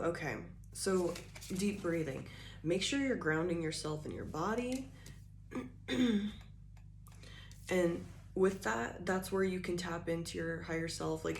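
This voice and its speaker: A woman with a low, deep voice talks her way loosely through a spiritual tarot reading. She rambles and fills her sentences with casual filler words. The recording sounds roomy and echoey, with a faint hiss of background noise. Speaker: tarot reader.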